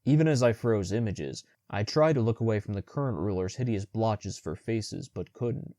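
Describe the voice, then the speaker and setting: A man narrating a young adult audiobook in the first person with steady, measured storytelling. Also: lowish voice, dry recording, studio quality.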